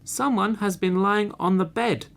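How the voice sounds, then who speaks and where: Storybook baby bear, shrill and tiny, squeaky and very high, slow and drawn out, a man doing the voice. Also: creaky. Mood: indignant. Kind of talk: storybook reading.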